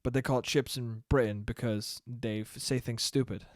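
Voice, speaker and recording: A man's voice: mid-range voice, dry recording, studio quality. A young man hosting a casual solo podcast, rambling in a profane, jokey way. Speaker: podcast host.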